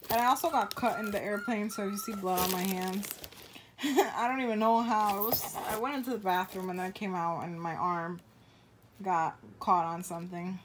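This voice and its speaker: A woman's voice: mid-range voice, steady tone, normal speed, background noise. A woman vlogger in casual unboxing chat at home, gushing and exclaiming often, trailing off mid-sentence. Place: home with a pet bird.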